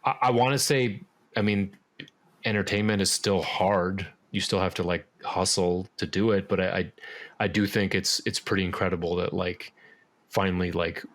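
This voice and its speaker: A man's voice: low-pitched, steady tone, normal speed, a bit bright. A man speaking as a podcast guest in casual interview chat, rambling with lots of fillers and restarts. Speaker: podcast guest, musician and actor.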